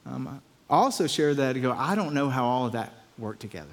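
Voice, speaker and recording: A man's voice: medium pitch, animated, brisk, long reverb tail. A pastor telling a story in a conversational sermon, often repeating his words.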